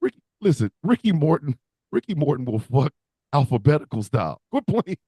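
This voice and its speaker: A man's voice: fairly high pitch, fairly quick, husky, no room sound. A man co-hosting a comedy podcast, telling crude stories with lots of laughter. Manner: animated, profane, laughing storyteller. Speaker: podcast co-host.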